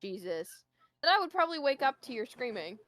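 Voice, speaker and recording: A woman's voice: a little high, very animated, fairly bright tone. Teasing young-sounding woman player. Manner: teasing, quick to laugh, matter-of-fact. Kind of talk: casual chat at a tabletop game.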